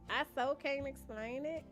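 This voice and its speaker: A young woman, chatting casually with her live-stream viewers while she plays and thinks aloud. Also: high-pitched. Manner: chatty, muses aloud, addresses chat as y'all. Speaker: gaming streamer. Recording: faint background game music.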